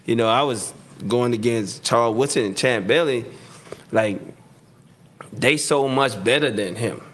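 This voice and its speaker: A man telling football stories in a casual interview, acting out quotes loudly and laughing often. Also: mid-range voice, measured pace. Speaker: retired football receiver, guest.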